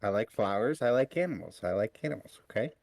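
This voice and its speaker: A man's voice: fairly low pitch, animated, fast talker, gravelly, darkish tone, dry recording. A man playing a tabletop game in character, explaining himself earnestly and naively. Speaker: player. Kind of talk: casual in-character role-play.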